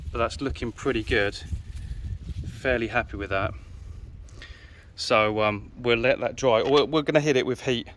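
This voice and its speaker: A man's voice: lowish voice, fairly bright tone, a little hiss or hum. Easygoing British man working on a car. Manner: easygoing, thinks aloud with fillers. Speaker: car restoration vlogger. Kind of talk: casual workshop commentary. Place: outdoors on a windy day.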